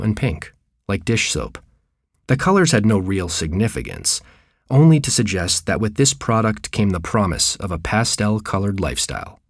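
A man reading a personal memoir story aloud, with wry, deadpan humor. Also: on the low side, no room sound, studio quality.

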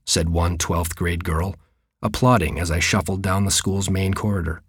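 Man narrating memoir, deadpan, wry, lowish voice, dry close sound. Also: normal speed, husky, no echo. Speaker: storyteller. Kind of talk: reading a personal memoir story aloud.

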